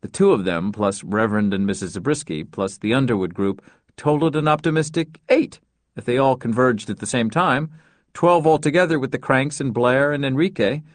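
A man narrating an audiobook in a wry, measured storytelling manner. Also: medium pitch, expressive, no echo. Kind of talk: scripted narration.

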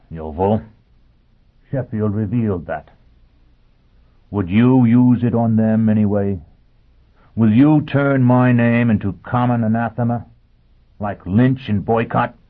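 Man doing a bitter driven guy, intense, questions everyone, lowish husky voice, phone-ish audio. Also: slow pace, long pauses, narrow, tinny audio. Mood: challenging.

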